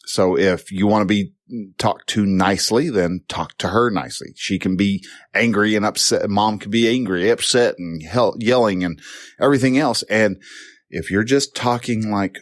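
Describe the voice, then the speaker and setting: A man with a lowish voice talks through advice in a loose, unscripted way, circling back and restarting his sentences. He grows louder and more animated when a point excites him. The sound is dry and close, with no room echo. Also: unhurried. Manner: rambling, with many restarts and fillers. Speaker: podcast host giving advice.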